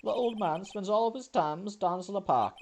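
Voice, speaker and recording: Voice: mid-range voice, moderate pace, creaky, darkish tone, a little hiss or hum, voice pushed up, close to an everyday voice. A let's play narrator voicing a flamboyant male French restaurant owner with a put-on French accent. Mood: grand.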